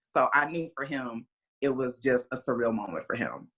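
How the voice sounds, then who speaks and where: Animated, forceful storytelling mother. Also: a bass voice, normal speed, breathy edge. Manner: animated, re-enacts conversations in quoted voices; rambling, frequent "you know" and "kinda". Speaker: guest, mother of a player. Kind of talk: casual storytelling interview.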